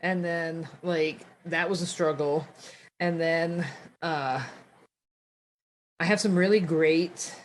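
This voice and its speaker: A woman's voice: low voice, fairly even intonation, slow, pauses often, slight background noise. A woman in her forties from Rhode Island, a podcast guest chatting casually with lots of fillers and laughter. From Rhode Island, USA. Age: 40s. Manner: rambling, filler-heavy, laughing storyteller. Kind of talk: casual chat.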